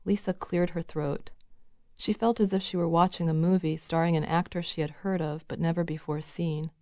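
A woman narrating a novel in a measured, even reading. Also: lowish voice, no room sound, clean studio sound. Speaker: audiobook narrator.

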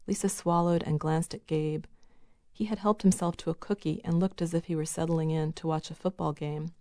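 A woman narrating a novel in a measured, even reading. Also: sits low, no room sound, clean studio sound. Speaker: audiobook narrator.

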